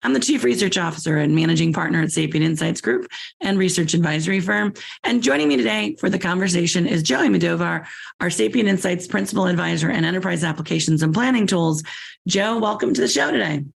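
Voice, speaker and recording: Hoarse woman hosting a podcast, scratchy. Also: expressive, fast talker. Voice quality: scratchy, squeaky voice. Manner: chatty, repeats words while thinking. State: hoarse from a cold. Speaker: podcast host.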